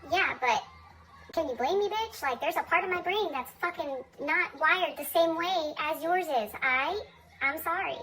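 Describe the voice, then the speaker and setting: A woman's voice: very high-pitched, normal speed, sharp tone, a little hiss or hum, rough recording. A young woman talking candidly in a personal vlog, blunt and profane with a self-mocking streak. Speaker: vlogger.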